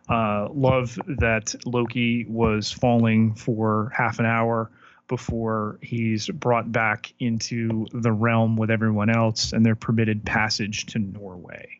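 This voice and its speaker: Slow, hesitant man on a podcast. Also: lowish voice, no echo, muffled recording. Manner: hesitant, repeats words, thinks aloud. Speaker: podcast co-host. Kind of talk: casual film discussion.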